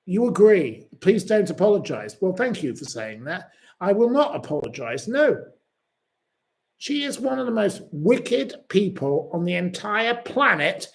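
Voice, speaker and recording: A man's voice: high-pitched, big pitch swings, a little slow, vocal fry. A man hosting a livestream, harshly berating his target and reading viewer comments aloud. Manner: indignant, harsh name-calling, reads viewer comments aloud. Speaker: livestream host.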